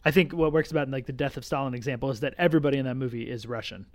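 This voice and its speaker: A man's voice: medium pitch, very fast, a little mellow. A man co-hosting a casual film podcast, agreeable and asking clarifying questions. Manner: agreeable, often says "yeah", asks clarifying questions. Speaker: podcast co-host.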